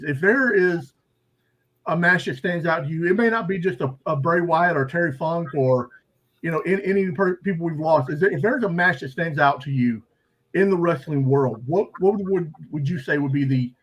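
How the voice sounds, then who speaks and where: A man hosting a podcast, telling a personal story in a chatty, animated way with frequent fillers. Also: on the high side, dull audio. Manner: animated anecdote-teller with many fillers. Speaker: podcast host. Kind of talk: casual storytelling.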